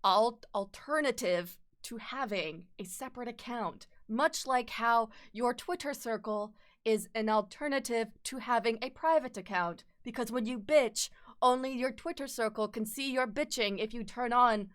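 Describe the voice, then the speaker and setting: A woman's voice: on the high side, moderate pace. A woman streamer chatting casually and rambling while she draws, self-deprecating and swearing freely. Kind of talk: casual live-stream chat while drawing.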